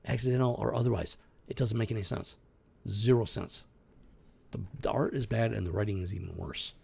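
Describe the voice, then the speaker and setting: A man's voice: fairly low pitch, a little fast, gravelly, a little mellow, slightly rough. A man hosting a comic book review show, ranting in exasperated, incredulous casual commentary. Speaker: podcast host reviewing comics.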